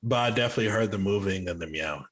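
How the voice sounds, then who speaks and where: Laid-back guy co-hosting a podcast, kinda low voice. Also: racing, fairly bright tone. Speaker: podcast co-host. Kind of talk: casual chat.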